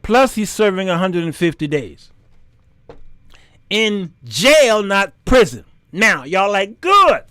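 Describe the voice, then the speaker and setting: Animated man telling a jail story. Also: slow, smooth. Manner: animated, acts out voices in his stories, high squeaks for surprise. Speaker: host. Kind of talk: casual storytelling monologue.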